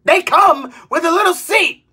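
A woman in her twenties, a vlogger, delivering an exasperated comedic rant, swearing and bursting into shouts. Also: extremely high pitch, normal speed. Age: 20s.

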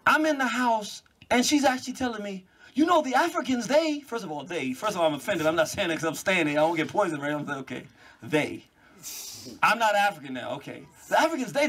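A man giving an animated public lecture to a live audience, telling stories with mocking asides. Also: fairly high pitch, slightly rough. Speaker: public speaker. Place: cultural venue before a live audience.

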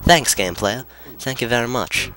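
A man's voice: medium pitch, moderate pace, vocal fry, voice pushed up, lightly acted. A man voicing a chatty, eager boy on the phone in a put-on British accent.

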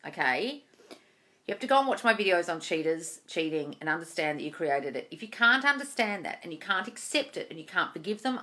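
A bright-toned woman answers viewer comments on a live stream from her home. She is chatty and blunt, calls everyone darling and swears casually. Her voice is crisp and forward, heard through a phone or webcam mic. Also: fairly low pitch. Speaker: manifestation coach. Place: home room.

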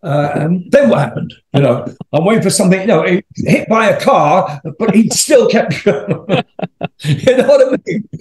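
A man's voice: sits high, lively intonation, normal speed, a little mellow, echoey room. Older man telling rambling rock anecdotes. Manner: rambling, laughing, swearing anecdotes. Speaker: interview guest, rock singer. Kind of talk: casual storytelling.

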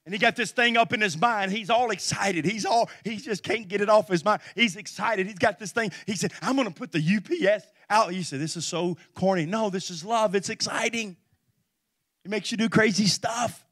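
A middle-aged man preaching a sermon as pastor, telling stories and then building to loud call-and-response exhortation. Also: sits high, fairly quick, no room sound, clean studio sound.

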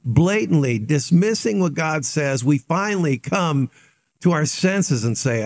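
A male pastor delivers a short devotional sermon at a measured pace, conversational and animated. When voicing repentance, he drops low and quiet.

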